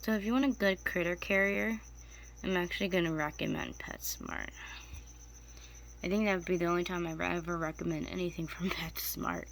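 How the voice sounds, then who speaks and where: Woman, casual vlog chat, gravelly fry, rambling, faint crickets behind. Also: fairly low pitch, fairly even intonation, normal speed. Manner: rambling, chatty, coos baby talk to her spiders. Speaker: tarantula keeper vlogger. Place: home room with spider enclosures. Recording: faint insect noise behind.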